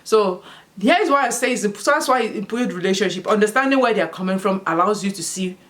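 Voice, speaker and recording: A woman's voice: mid-range voice, brisk. A woman from Africa giving casual school advice as a vlogger, telling stories with frequent bursts of laughter, outdoors in the sun. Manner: animated storytelling with frequent laughter. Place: outdoors in sunlight.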